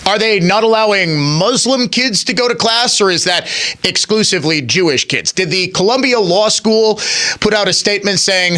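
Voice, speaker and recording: Sarcastic high-voiced talk radio host. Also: male voice, expressive, moderate pace, pushed and bright. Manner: sarcastic, rhetorical questions. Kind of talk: opinionated talk radio commentary.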